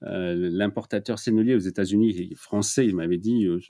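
A man's voice: fairly low pitch, quick pace, hardly any pauses, warm tone. A man with a French accent chatting casually on a live painting stream, hesitant, with many fillers and restarts. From France. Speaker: painting demonstrator. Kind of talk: casual bilingual live chat.

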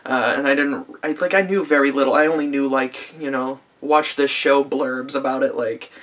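A man's voice: mid-range voice, fairly even intonation, normal speed, fairly bright tone. A man in his twenties giving a casual, profane vlog review of a show, rambling with lots of fillers and dry sarcasm. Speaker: anime reviewer.

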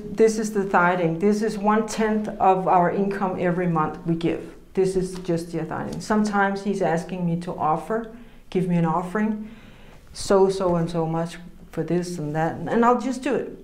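A woman's voice: on the low side, moderate pace, darkish tone. A woman preaching an informal sermon, earnest and conversational, laughing often as she teaches. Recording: roomy echo.

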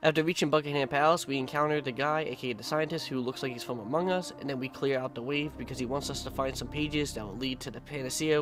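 A man giving a casual, laid-back voice-over of his own gameplay, swearing freely and adding sarcastic asides. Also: mid-range voice. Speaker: gaming video creator.

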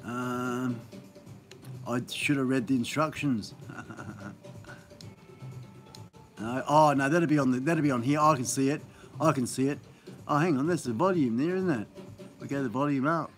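A man's voice: mid-range voice, unhurried, pauses often, soft background music. Rambling man hosting a live stream. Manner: rambling, chatty, upbeat, many fillers. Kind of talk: casual live-stream chat. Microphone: phone on a gimbal.

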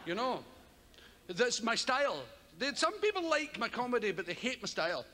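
A man's voice: extremely high pitch, big pitch swings, moderate pace, pushed and bright. An older man with a Scottish accent doing rambling, profane stand-up comedy on a theatre stage, often laughing as he talks. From Scotland. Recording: live theatre, long reverb, audience noise.

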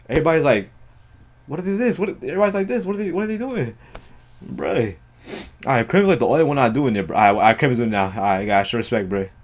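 A man reacting out loud to an anime episode in loose, casual commentary. He is excitable and slangy, swears freely and keeps breaking into exclamations, in a voice of medium pitch. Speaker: anime reaction video host.

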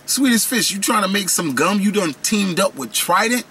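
Brief: male snack vlogger, loose and slangy, sharp bright tone, slightly raised pitch. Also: expressive, moderate pace, hardly any pauses, husky. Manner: slangy, playful, riffs and rambles. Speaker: snack reviewer. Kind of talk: casual snack review vlog.

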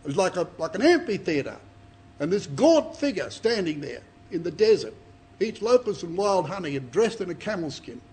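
A man's voice: high-pitched, very animated, moderate pace, a little mellow, husky. A man preaching a Bible study to a congregation, reading scripture dramatically and asking rhetorical questions.

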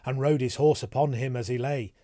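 With a mid-range voice, a man tells an audiobook story in an even, measured way. The recording is studio quality and has no echo.

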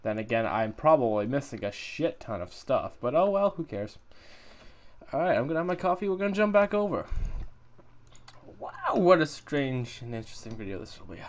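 A man giving casual, excitable commentary while playing a survival game, swearing and joking with his viewers. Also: mid-range voice, moderate pace. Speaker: gaming YouTuber.

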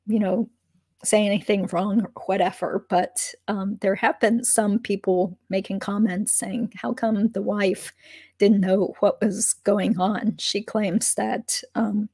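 A hoarse woman lawyer giving casual legal commentary on a vlog, talking in a conversational way with many fillers and asides. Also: medium pitch, mellow, no room sound, studio quality.

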